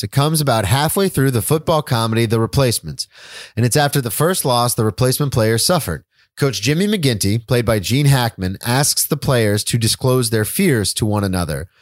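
A man's voice: medium pitch, dry recording. Young guy reading his own essay on a podcast, earnest, kinda emotional, dry close sound. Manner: earnest, emotional, reads steadily. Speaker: podcast co-host. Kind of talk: reading a written essay aloud.

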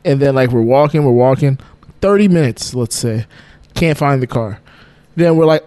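A man's voice: medium pitch, fairly quick, mellow. A man co-hosting a podcast, telling a long rambling story in casual chat and laughing often. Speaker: podcast co-host.

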